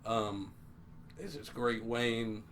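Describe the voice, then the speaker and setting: A man's voice: mid-range voice, very slow, a bit bright, slight background noise. A young man co-hosting a podcast, joking and swearing casually, often laughing while he talks. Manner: laughing, profane, jokey banter. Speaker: podcast co-host. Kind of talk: casual chat. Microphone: headphones and studio mic.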